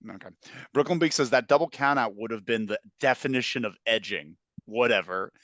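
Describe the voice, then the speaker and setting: A man's voice: mid-range voice, brisk, a bit bright, no room sound. Jokey man reading out comments. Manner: laughs often, jokey, reads comments aloud. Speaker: podcast co-host reading listener comments. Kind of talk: casual chat.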